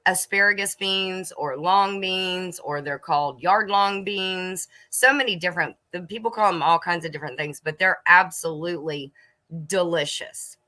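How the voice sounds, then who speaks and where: Speaking at a normal speed, a middle-aged woman chats with viewers of her homestead livestream from her kitchen. Though her voice is on the low side, it's bright and forward, and she laughs and snacks throughout.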